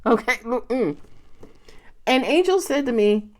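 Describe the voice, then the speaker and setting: An excitable, animated woman gives a casual tarot reading to camera, recorded on the camera's microphone. Her voice is on the high side and she takes it slowly, chatting away, swearing freely, and laughing often.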